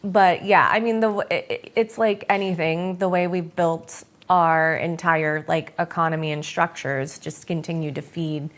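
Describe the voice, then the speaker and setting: A woman's voice: on the low side, steady tone, moderate pace, few pauses. A woman speaking in a casual panel chat, hesitant and thoughtful, with many fillers.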